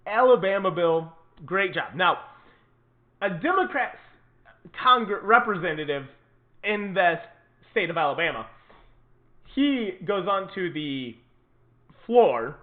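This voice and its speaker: A man hosts his own political commentary show with an indignant, emphatic delivery, hammering points home by saying them twice. His voice sits fairly high. The sound is thin and tinny, as if it came over a phone line. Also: animated, takes it slowly, pauses often. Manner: indignant, emphatic, repeats for stress.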